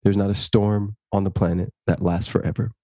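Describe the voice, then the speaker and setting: A man's voice: sits low, no room sound. A man, a guest in an interview, telling stories animatedly and speaking in an earnest, inspirational way. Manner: animated, acts out dialogue in stories; slow, earnest inspirational delivery. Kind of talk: interview storytelling.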